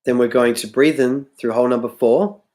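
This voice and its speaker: A man's voice: medium pitch, a little fast, a little mellow. Tired guy losing his voice, rambly harmonica tutorial on a livestream, keeps correcting himself, harmonica notes in between. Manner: rambling, self-correcting, apologetic. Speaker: harmonica teacher. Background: harmonica playing.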